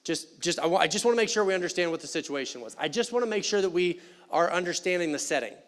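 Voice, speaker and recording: A man delivers a church sermon in a fairly high voice. He talks to the congregation in an animated, conversational way and drops playful asides between points. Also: fast. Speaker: pastor. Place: church sanctuary.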